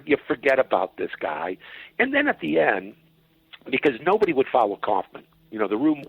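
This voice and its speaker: A man telling an anecdote as a podcast guest, animated and profane and acting out voices. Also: mid-range voice, breathy edge, dry recording. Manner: animated, profane storyteller who acts out voices. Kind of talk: storytelling anecdote. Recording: dull, dry lo-fi.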